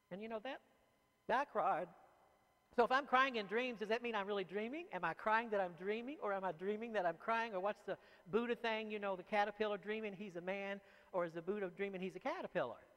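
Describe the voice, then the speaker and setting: A man, an author, speaking to a live audience as an animated and chatty storyteller. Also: high voice, fairly quick, long reverb tail, low-quality recording. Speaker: author giving a talk.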